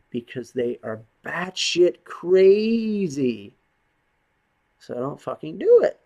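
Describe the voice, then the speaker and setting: A man's voice: medium pitch, creaky, darkish tone. A man vlogging a bitter, rambling, profane rant to the camera. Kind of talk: ranting monologue to camera.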